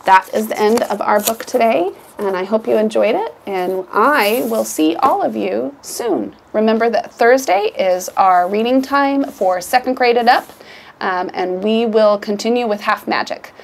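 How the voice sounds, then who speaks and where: A woman's voice: a little high, animated, a little slow, vocal fry. A woman reading a rhyming picture book aloud to children, with a rhythmic read-aloud delivery.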